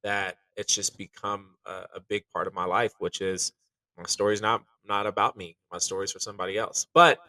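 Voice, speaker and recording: A chef speaking candidly on a podcast, earnest and reflective, with lots of "like" and "you know.". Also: male voice, fairly low pitch, steady tone, moderate pace, sharp tone, no echo, recorded from a distance, poor audio. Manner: earnest and reflective, many fillers.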